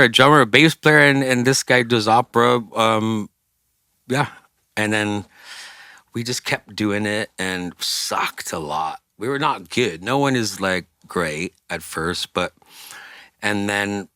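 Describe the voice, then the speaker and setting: A man's voice: low voice, sharp tone, dry recording, clean studio sound. A man being interviewed as a rock singer, rambling through casual stories and swearing often. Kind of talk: casual storytelling.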